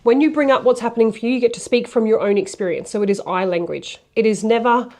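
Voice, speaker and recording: A woman's voice: on the high side, fast, darkish tone. A woman coaching viewers directly on relationship communication, speaking bluntly and emphatically and swearing casually. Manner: addresses viewers directly with step-by-step tips. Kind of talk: direct-to-camera coaching talk.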